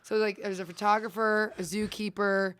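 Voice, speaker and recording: A woman's voice: mid-range voice, level tone, normal speed, a bit bright, smooth, dry recording. A young adult woman, a stand-up comedian, chatting casually as a podcast guest and rambling with many restarts.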